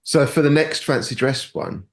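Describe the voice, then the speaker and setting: A man's voice: mid-range voice, normal speed. A man, joking at his own expense in casual banter. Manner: self-mocking, joking.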